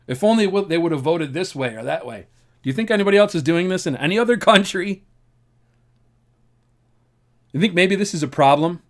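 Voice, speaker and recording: A man from the United States talks straight to camera in a loose, earnest vlog ramble, often repeating a phrase and letting out a wry laugh. His voice sits a little higher than most men's. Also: expressive, fast talker. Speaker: vlogger. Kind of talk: casual spoken commentary to camera.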